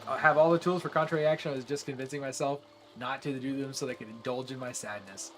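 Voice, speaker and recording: A man's voice: medium pitch, steady tone, fast, a bit bright, faint music behind. A man streaming a game and chatting earnestly with his viewers, rambling with frequent restarts. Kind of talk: casual chat with live viewers while gaming.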